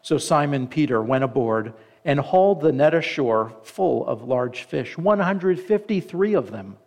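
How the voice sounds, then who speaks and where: A man preaching a sermon. He reads scripture aloud, slows down for the quoted lines, and stops now and then to comment. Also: mid-range voice, animated, gravelly, a little mellow. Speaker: pastor.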